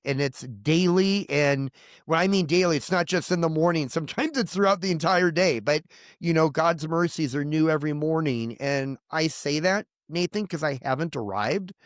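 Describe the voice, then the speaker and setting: A man's voice: on the high side, normal speed, dry recording, studio quality. A man in his fifties, a pastor, telling his personal testimony in an earnest, rambling way, full of restarts and quoted prayers. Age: 50s. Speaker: pastor and guest.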